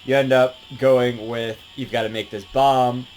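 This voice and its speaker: A man's voice: mid-range voice, little pitch movement, unhurried, a little mellow, slight background noise, low-quality recording. Rambling man reviewing a game. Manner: rambling, lots of filler and swearing. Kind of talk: casual game review commentary.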